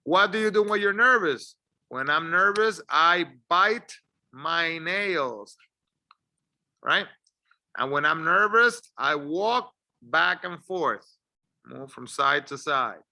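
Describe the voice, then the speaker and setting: A man leading an English class in a slow, deliberate way, sounding out each word for learners to repeat. His voice is strikingly bright and slightly high for a man. He keeps an encouraging teacher's manner throughout. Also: expressive. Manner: encouraging, drills words clearly for learners to repeat. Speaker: ESL teacher.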